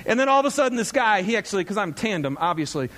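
A man in his thirties, a pastor, preaching in a chatty, animated storytelling way to his congregation. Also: high-pitched, rapid-fire.

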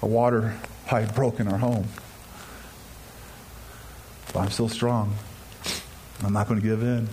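A man's voice: fairly low pitch, flat delivery, unhurried, long pauses, darkish tone, a little hiss or hum, low-quality recording. A man telling his own story as a testimony to an audience, earnest and confessional, speaking straight to his listeners. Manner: acts out his own and others' words in dialogue. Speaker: speaker giving a personal testimony.

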